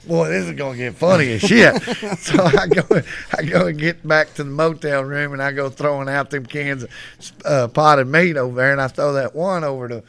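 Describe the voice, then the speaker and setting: A man's voice: fairly high pitch, moderate pace, vocal fry, fairly bright tone. A middle-aged man with a West Texas accent, telling stories as a podcast guest in a loose, profane, joking way. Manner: drawling, profane, laughing storyteller. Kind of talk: casual storytelling.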